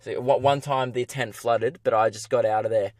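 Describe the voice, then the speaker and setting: A young Australian man tells a comic story on his podcast. He is animated and profane, and he mocks himself. The sound is dry and close, with no room echo. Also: medium pitch, normal speed. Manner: animated, profane, self-mocking. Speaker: comedian and podcast host.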